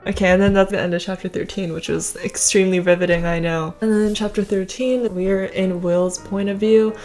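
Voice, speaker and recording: A young woman casually reading her own childhood novel aloud with sarcastic, deadpan asides. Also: medium pitch, fairly quick, hardly any pauses, faint music behind. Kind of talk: casual comedic read-through.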